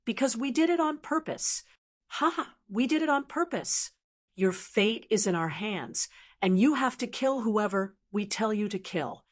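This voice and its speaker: A woman's voice: mid-range voice, measured pace, natural voice. A woman voicing a cruel, mocking male demon who taunts and coldly commands in an audiobook. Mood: gloating.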